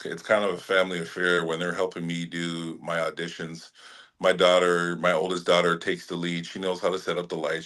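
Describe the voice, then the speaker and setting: A middle-aged man from Hawaii, an actor being interviewed, talking in a relaxed way with frequent laughs and restarts. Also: sits low. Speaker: actor guest. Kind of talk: casual interview chat.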